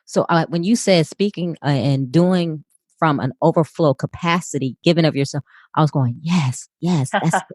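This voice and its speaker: Woman, podcast host, enthusiastic chat, very low voice, dry close sound. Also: moderate pace, a little mellow, no room sound. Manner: enthusiastic, storytelling. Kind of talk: casual interview chat.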